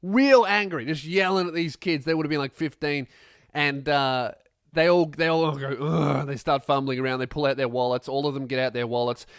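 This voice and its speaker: A young man telling a comic story as a podcast host, animated and swearing, acting out other people's voices. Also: medium pitch, brisk, smooth, no room sound, clean studio sound.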